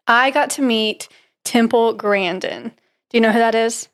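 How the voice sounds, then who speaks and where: A woman's voice: a little high, unhurried. A woman co-hosting a podcast, telling a story in a chatty, giggly way with lots of "like" and "um". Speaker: podcast co-host. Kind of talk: casual storytelling chat.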